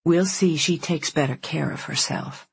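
An audiobook reader voicing a busy, determined young woman who runs a ranch, speaking in a brisk, practical way. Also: medium pitch, gravelly, husky, no room sound, heavily acted. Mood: tired. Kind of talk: audiobook character voice.

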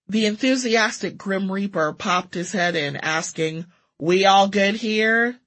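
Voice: mid-range voice, gravelly, fairly bright tone. A narrator reading a first-person story aloud with a wry, sardonic delivery.

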